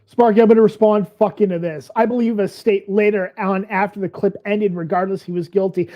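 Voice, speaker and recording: Angry swearing man, mellow voice. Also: high-pitched, steady tone, a little fast, hardly any pauses, highs cut off. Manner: angry, profane ranting. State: tipsy from beer. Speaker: stream host. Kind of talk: reaction stream commentary.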